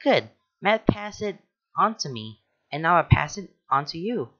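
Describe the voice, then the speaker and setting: A sarcastic teen girl gamer, voiced by a man reading a story, ribbing and bossy. The voice is pitched above the reader's own. The sound is dull and lo-fi. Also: sing-song, a little slow, pushed and bright, exaggerated voice. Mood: smug. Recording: dull lo-fi recording.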